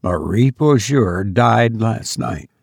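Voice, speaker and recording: A man's voice: fairly low pitch, lively intonation, slow, vocal fry, breathy edge, no echo, studio quality, full character voice. A man voicing a solemn grieving man. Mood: grave. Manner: subdued, plain telling. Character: grieving man bearing sad news, solemn.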